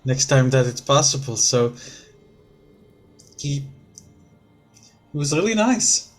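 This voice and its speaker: A man's voice: medium pitch, expressive, soft background music. A man voicing a sweet, dreamy young woman who is soon to be queen, who talks in a gushing, hesitant way. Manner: gushing, hesitant, with many halting restarts.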